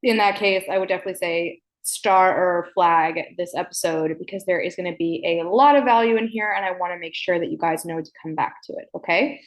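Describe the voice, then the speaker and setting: A woman hosting a self-help podcast, talking deliberately slowly and emphatically, frank and playful, often checking in with "okay?" and swearing casually. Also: lowish voice. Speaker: podcast host.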